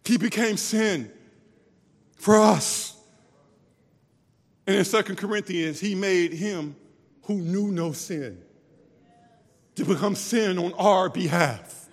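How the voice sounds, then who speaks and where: A man with a high voice preaches slowly and deliberately, letting his words ring out in a church hall with a long echo. He swings from fervent cries down to near-whispers. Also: breathy edge. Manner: impassioned, swings from loud cries to hushed tones. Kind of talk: sermon.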